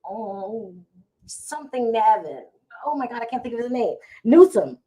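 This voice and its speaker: A middle-aged woman, speaking a little higher than most, chats live from home on a phone or webcam. Her talk is loose and emotional, and she addresses her viewers directly while she hunts for news. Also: expressive, a little slow, mellow. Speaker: vlog host going live. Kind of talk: casual live-stream commentary.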